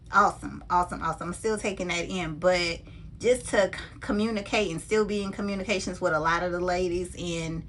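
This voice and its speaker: A woman handbag vlogger chatting casually and with animated energy to her viewers while unboxing a bag. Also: lowish voice, slight background noise.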